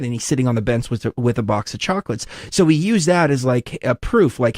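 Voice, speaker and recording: A man hosts an interview podcast, chatting loosely and animatedly. He tells rambling stories. His voice sits mid-pitch, recorded dry and close. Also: expressive, fast, hardly any pauses, darkish tone, no room sound. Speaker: host. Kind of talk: casual interview chat.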